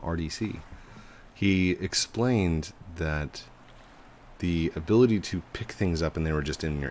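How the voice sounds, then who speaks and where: A man in his thirties, a father, giving casual, chatty commentary over his gameplay. He laughs often and bursts into high, excited yells. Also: slight background noise. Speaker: gaming YouTuber.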